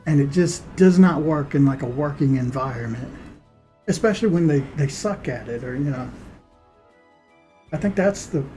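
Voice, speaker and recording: A man's voice: on the high side, mellow. A man streaming live, chatting casually and rambling through stories with frequent laughs. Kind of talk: casual chat while working on art.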